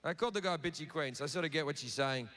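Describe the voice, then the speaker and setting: A man's voice: a little high, rapid-fire, a bit bright. An Australian man in his thirties doing profane stand-up comedy, telling a story and acting out the dialogue. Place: large theater stage before a live audience. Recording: live concert recording with hall reverb and crowd laughter.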